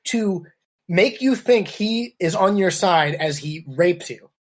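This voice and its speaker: A woman's voice: fairly low pitch, animated, takes it slowly. A woman co-hosting a political podcast, talking in a blunt, profane, sarcastic rant. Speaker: podcast co-host.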